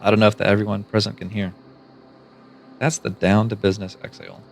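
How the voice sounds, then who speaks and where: Gravelly man reading a story. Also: fairly low pitch, little pitch movement, brisk, soft background music. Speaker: streamer reading a book aloud. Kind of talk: storybook reading in second person.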